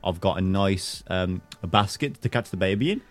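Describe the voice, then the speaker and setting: A man's voice: deep voice, normal speed, soft background music. A man hosting a podcast, chatting casually and teasing his guest with playful jokes. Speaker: podcast host.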